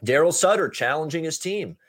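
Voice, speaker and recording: A man's voice: fairly high pitch, animated, a little fast, breathy edge. A man hosting a sports betting podcast, talking at length in a casual way with many "uh" fillers. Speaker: podcast host.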